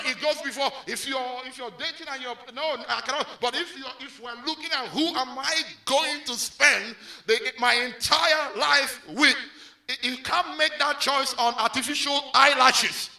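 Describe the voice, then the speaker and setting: Animated man preaching with a high, gravelly voice. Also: normal speed. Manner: animated preaching with call-and-response prompts. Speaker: pastor. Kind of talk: sermon.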